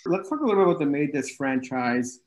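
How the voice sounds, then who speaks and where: A man's voice: fairly high pitch, animated, fast talker, darkish tone, poor audio. A man hosting a casual interview, chatty and laughing often. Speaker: interview host.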